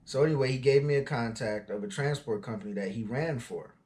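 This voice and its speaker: A man's voice: mid-range voice, a little fast, darkish tone. A man of forty, an auto transport business owner, tells his story in a loose, conversational way with frequent fillers and asides. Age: 40s. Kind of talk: casual storytelling.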